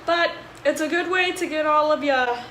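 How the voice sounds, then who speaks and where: This is a college-aged woman vlogging her cooking in a casual, chatty way, poking fun at herself and frequently exasperated by her own blunders. Her voice sits high and moves at an ordinary speed. Background noise fills the echoey room, where dishes clatter.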